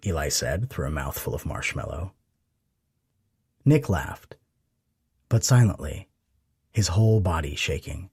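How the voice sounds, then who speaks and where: A man narrating an audiobook romance in a soft, intimate reading. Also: rumbling low, sing-song, measured pace, pauses often, breathy edge, dry recording, studio quality. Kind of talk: scripted narration.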